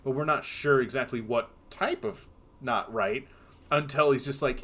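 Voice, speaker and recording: A man's voice: mid-range voice, normal speed, fairly bright tone. Rambling male film podcast host. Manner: rambling, filler-heavy retelling of scenes. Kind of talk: casual film discussion.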